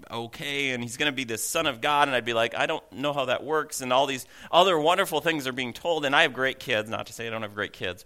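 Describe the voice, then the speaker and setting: A middle-aged man, a pastor, preaching a sermon in a relaxed, conversational way with self-deprecating asides and frequent restarts. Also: mid-range voice.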